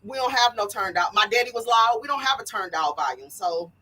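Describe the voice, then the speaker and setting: Woman podcast co-host, AAVE, loud and laughing, bright husky voice. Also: a little high, a little fast, poor audio. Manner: loud, laughs often, animated. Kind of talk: casual chat.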